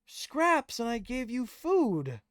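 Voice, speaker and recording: A man's voice: very high-pitched, wildly swooping pitch, slow pace, fairly bright tone, dry recording, clean studio sound, pitched above the performer's own voice, heavily acted. A man voicing a kindly, formal former head of a church.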